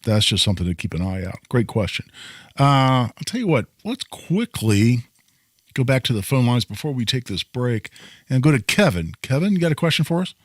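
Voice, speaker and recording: A man's voice: medium pitch, sing-song, normal speed, no echo, studio quality. A man hosting a call-in radio show about gun law, explaining points in a conversational way and often restarting phrases. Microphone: studio microphone.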